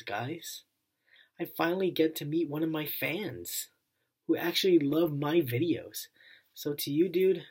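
A young man speaking to camera in a heartfelt thank-you vlog, his voice soft and husky with a breathy edge. He keeps circling back to the same simple phrases, and his voice wavers and chokes up. The delivery is plain and sincere, never polished. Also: mid-range voice. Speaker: channel owner.

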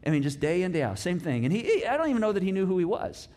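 A middle-aged pastor preaches in a relaxed, chatty way, leaning into the story with jokes and asides. His man's voice sits high, and it swings from loud emphasis to near-quiet musing. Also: very fast. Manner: animated storytelling with playful asides, wide swings in pitch and loudness. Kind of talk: casual conversational sermon.

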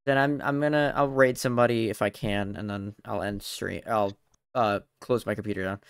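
A man's voice: on the low side, fairly even intonation, moderate pace, creaky, clean tone, no room sound, studio quality. A young man hosting a livestream, talking in a flustered, scattered way with restarts and swearing. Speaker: streamer. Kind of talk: casual chat on a livestream.

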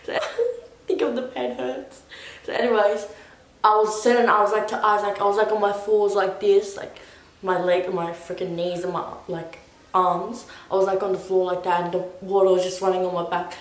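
A young woman vlogger rambles through a personal story in casual style, saying "like" constantly. Her medium-pitched voice is level in tone and fairly quick, and the recording has an echoey room sound.

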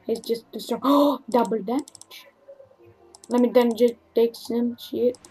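A woman commentating her own video game match, excitable and profane, trash-talking and bursting into shrieks. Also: a little high, unhurried, husky. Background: faint keyboard and mouse clicking.

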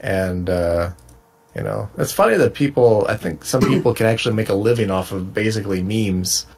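A man's voice: on the low side, moderate pace, creaky, a little mellow, husky. Easygoing young man in casual chat. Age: young adult. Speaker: podcast co-host.

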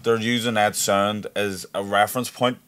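A man's voice: fairly low pitch, moderate pace, smooth. A man hosting a podcast, telling stories in a casual chat and acting out the voices of the people in them. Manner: animated storyteller who acts out quoted voices, swears freely. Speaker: podcast host.

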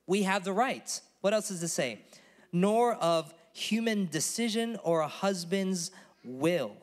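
A man preaching in a church with a fairly high voice for a man. He talks earnestly and with emphasis, in a warm conversational sermon style. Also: expressive, takes it slowly, big-room sound. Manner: earnest, emphatic, calls on the congregation to repeat words. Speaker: pastor.

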